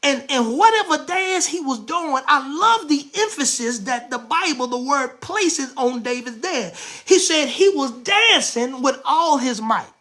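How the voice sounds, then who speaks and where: A woman preaching a sermon as bishop, animated and emphatic, repeating phrases, asking herself questions and breaking into shouts. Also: sits high, unhurried. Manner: playful rhetorical questions answered aloud.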